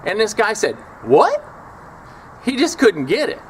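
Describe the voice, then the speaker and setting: A man's voice: high voice, very animated, brisk, a bit bright. Guy spinning a wry prison yarn, voice swinging up and down, bit of hiss behind. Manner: wry, scornful, acts out the people he quotes. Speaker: former prison officer telling stories. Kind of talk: casual storytelling.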